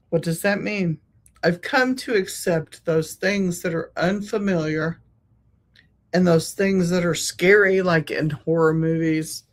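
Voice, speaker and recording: Slow, repetitive, and emphatic, this reflective podcast monologue comes from a host who is a spiritual healer. The voice is steady and medium-pitched, taking time with every thought and repeating important words and phrases.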